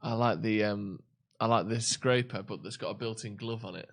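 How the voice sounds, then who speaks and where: A man's voice: on the low side, moderate pace. Rambling, jokey male watchalong co-host. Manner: rambling, jokey, searches for words. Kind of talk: casual live match watchalong chat.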